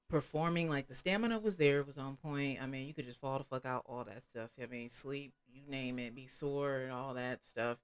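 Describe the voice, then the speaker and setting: A woman's voice: a bass voice, sharp tone, clean tone. Frank, chatty middle-aged woman. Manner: frank, candid, chatty with many fillers and restarts. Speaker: host. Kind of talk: casual adult chat.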